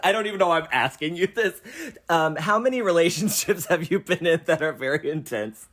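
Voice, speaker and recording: A young man hosting a casual film chat, animated and quick to laugh, swearing freely and acting out lines as he talks. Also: a little high. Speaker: host.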